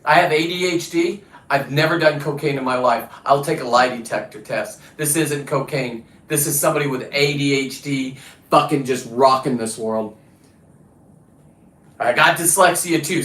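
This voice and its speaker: A man's voice: a little high, moderate pace, a bit bright. Profane ranting middle-aged man, roomy sound. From California. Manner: blunt, profane, rambling rant. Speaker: livestreaming diver and fisherman. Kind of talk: ranting livestream monologue. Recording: roomy echo.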